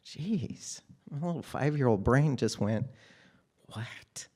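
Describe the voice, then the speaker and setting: A man speaks in a fairly low voice, recounting his own life in a candid, wry manner. He tells it as live storytelling and grows animated in places. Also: measured pace.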